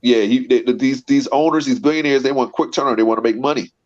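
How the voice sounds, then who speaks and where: A man's voice: mid-range voice, fast talker. A man debates football on a casual panel show. He argues his case and restarts his phrases often. His voice comes through muffled and lo-fi. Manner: argumentative, repeats words while building a point. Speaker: podcast co-host. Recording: dull lo-fi sound.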